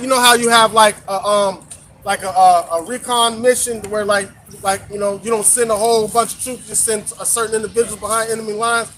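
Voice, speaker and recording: A man leading a casual religious discussion, talking in animated, repetitive street slang and cueing others to read. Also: high voice. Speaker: discussion leader.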